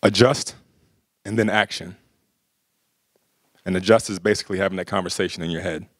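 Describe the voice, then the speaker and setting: With a deep, steady, slightly bright voice, a middle-aged man talks briskly to a workshop audience. His storytelling is casual and full of "you know" and "right?", and the recording is dry.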